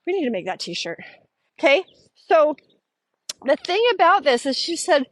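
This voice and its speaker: A middle-aged woman hosting a show, telling a story in a lively, casual way and often acting out the voices of the people she quotes. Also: high voice, a little fast, no echo. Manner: animated, acts out quoted voices, laughs often. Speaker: podcast host.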